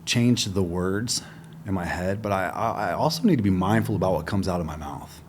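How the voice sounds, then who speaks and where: Deep-voiced man telling a story. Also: animated, brisk, a little hiss or hum. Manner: acts out quoted dialogue, swears casually. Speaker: podcast guest. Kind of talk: storytelling in a casual interview.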